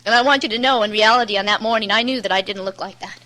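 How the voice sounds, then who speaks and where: A woman's voice: mid-range voice, rapid-fire, bright, forceful tone, poor audio. A woman giving a candid personal testimony at a recovery meeting, rambling and plain-spoken with many asides. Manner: candid, rambling storyteller, many "you know"s.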